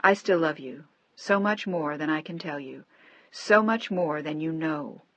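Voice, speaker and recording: A woman doing a frail old husband, weary and soft. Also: deep voice, unhurried, no echo, muffled recording. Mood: weary tender. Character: frail elderly bedridden husband, tender, wry.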